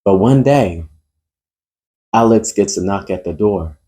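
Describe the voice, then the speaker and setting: A pastor delivering a sermon who tells an illustration story and builds to emphatic preaching. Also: male voice, lowish voice, expressive, unhurried, warm tone.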